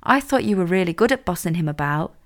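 A woman's voice: lowish voice, lively intonation, fast. A woman reading as a bossy, scheming young woman.

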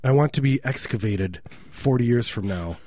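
A man's voice: mid-range voice, moderate pace, mellow, no echo, clean studio sound. A man co-hosting a comedy podcast, rambling through absurd jokes in casual banter. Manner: rambling absurd riffing, frequent laughs.

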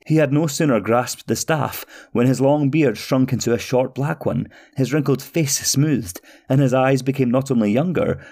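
Man, podcast storyteller, steady expressive narration, mid pitch. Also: husky.

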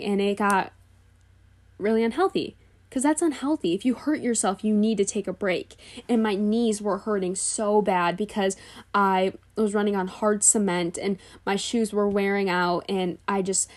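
A woman's voice: medium pitch, fairly even intonation, normal speed. A young woman hosting a podcast, talking candidly in a casual monologue and dropping plenty of "like" fillers. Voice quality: chatty, full of "like" fillers. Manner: candid, confessional storytelling. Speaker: podcast host.

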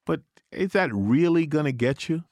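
A man's voice: on the high side, moderate pace, no room sound, studio quality. A man co-hosting a talk show, riffing with teasing, comic opinions and exaggerated storytelling. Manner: animated, teasing, comic storyteller who riffs and mocks. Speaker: radio show co-host.

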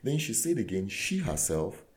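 A man, a clergyman guest, telling a story in conversation with earnest, animated retelling that acts out dialogue. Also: fairly low pitch, moderate pace. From Nigeria.

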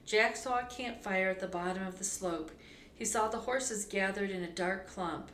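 A woman narrating a children's storybook aloud in a measured, clear, expressive way. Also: mid-range voice. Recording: roomy echo, faint background hum.

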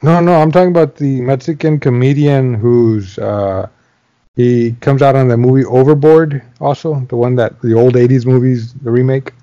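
A man's voice: mid-range voice, normal speed, mellow, no echo. A man chatting casually as a podcast co-host, easygoing and a bit unsure, trailing off. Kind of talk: casual chat. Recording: dull, lo-fi mic.

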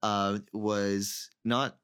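A man's voice: fairly low pitch, level tone, drawn-out words, a bit bright, clean tone. A man co-hosting a casual chat, hesitant and repeating words as he starts. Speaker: podcast co-host.

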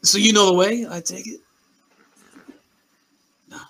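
A man playing a tabletop role-playing game, speaking partly in character to other characters, slow and musing. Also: sits high, fairly even intonation, vocal fry, a bit bright, poor audio. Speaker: player.

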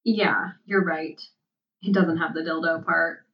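A woman's voice: sits low, steady tone, a little slow, far from the mic, highs cut off. A woman voicing a casual, prickly woman whose offhand talk turns cutting. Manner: offhand, then sarcastic and venomous.

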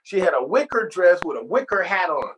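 An older man speaks as a guest in a casual interview, recounting his past with animated energy and acting out the people in his stories. His voice sits a touch high for a man. A steady hiss runs under the whole recording. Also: brisk. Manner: animated storyteller, acts out quoted voices. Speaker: guest singer. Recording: noisy background hiss.

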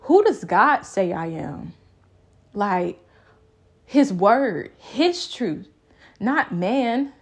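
A woman's voice: mid-range voice, very animated, drawn-out words, long pauses, breathy edge. A young adult woman vlogging a personal faith reflection, with an emphatic, repetitive, preaching cadence.

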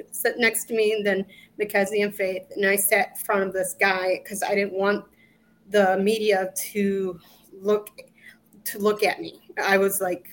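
Woman, middle-aged, interview guest, slow unhurried delivery, halting recollection. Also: mid-range voice, a little hiss or hum. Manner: halting, with restarts and quoted asides. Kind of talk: emotional personal recollection.

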